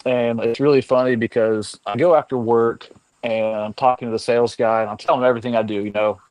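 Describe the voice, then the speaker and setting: A man's voice: mid-range voice, steady tone, fast, a little mellow, dry recording, poor audio. A man guest telling easygoing, self-deprecating stories about his past vehicles in a casual chat over a video call. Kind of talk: casual storytelling. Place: home garage area.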